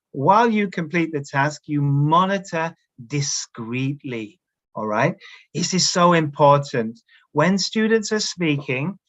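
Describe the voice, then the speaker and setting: The recording is muffled as a man with a fairly high, slightly bright voice leads a teacher-training webinar from a video call camera setup. Presenting his workshop in a coaching tone, he gives instructions and keeps asking listeners "all right?"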